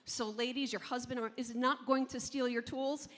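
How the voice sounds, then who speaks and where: A woman from New Jersey competing as an auctioneer, rattling off rapid rhythmic bid calls and pitching items to the room. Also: steady tone. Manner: rapid rhythmic bid calling, rising loud. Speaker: auctioneer contestant. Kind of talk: auction chant and sales pitch. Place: large convention hall. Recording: long hall reverb.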